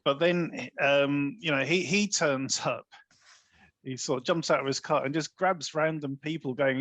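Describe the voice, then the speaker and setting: Husky man on a dry podcast mic. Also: a little high, a little slow, a bit bright, no room sound. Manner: laughs easily, acts out quoted lines. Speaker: podcast co-host. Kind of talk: casual film review chat.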